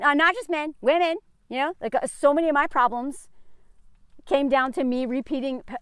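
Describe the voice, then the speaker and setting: A woman's voice: sits high, smooth, dry recording. A woman giving casual opinion commentary as a vlogger, sarcastic, laughing often and filling her talk with "like".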